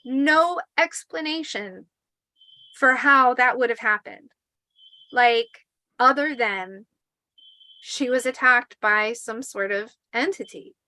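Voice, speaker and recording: A woman in her forties telling a spooky personal story in a casual, animated way, swearing and acting out the quotes. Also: high voice, no echo, rough recording.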